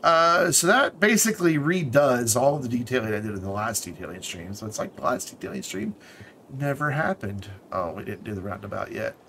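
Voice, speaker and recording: A man streaming himself playing a city-building game, talking casually in a relaxed, rambling way and trailing off into muttered asides. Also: medium pitch, a little fast, slight background noise.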